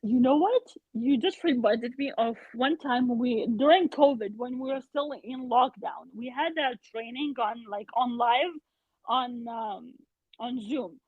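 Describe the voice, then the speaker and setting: Brief: high, husky woman guest over a thin phone-like line, retelling stories with lively quoted voices. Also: measured pace, no room sound. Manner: animated retelling, acts out quotes. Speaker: podcast guest. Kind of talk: casual storytelling chat. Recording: tinny phone-like remote call.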